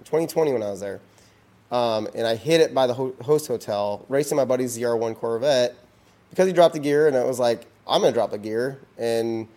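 A man's voice: medium pitch, a little mellow. A man, a podcast guest, tells a long story casually, full of restarts and "you know"s.

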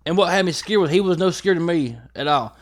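A man, a podcast guest telling a hunting story in a lively, profane way and acting out the scenes. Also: a little high, fast talker. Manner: animated, profane, acts out scenes. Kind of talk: casual storytelling chat.

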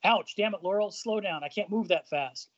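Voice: medium pitch, normal speed, muffled recording, pitched above the performer's own voice, lightly acted. A podcaster reading comic lines as a frail, crotchety old male genius who grumbles. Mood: grumpy. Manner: grumbling and complaining.

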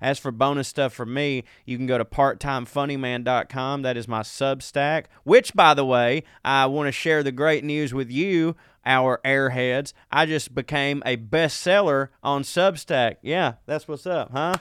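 A man's voice: mid-range voice, measured pace, few pauses, fairly bright tone, clean tone, no echo, studio quality. A man with a Southern US accent, co-hosting a comedy podcast in a casual, joking, folksy way as he reads listener emails aloud. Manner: joking, folksy, self-mocking.

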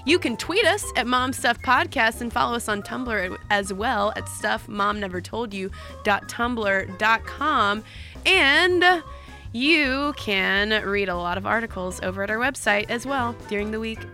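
A woman's voice: a little high, unhurried, pushed and bright, faint music behind. A woman co-hosting a podcast, chatting casually with restarts and reading listener mail aloud. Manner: chatty, restarts and repeats words. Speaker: podcast co-host.

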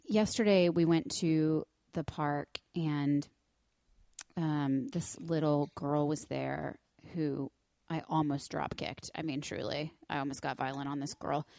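A woman in her thirties, a podcast co-host, chatting casually and telling lively stories, acting out quotes and swearing. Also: low voice, a little slow, vocal fry, dry recording. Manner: animated storyteller, acts out quotes, swears. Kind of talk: casual chat.

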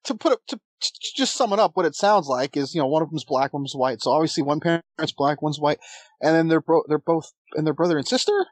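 A podcast co-host making wry, teasing remarks in casual chat. The voice sits at an ordinary middle pitch. The recording is close and dry, with no room sound. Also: a little fast, no echo.

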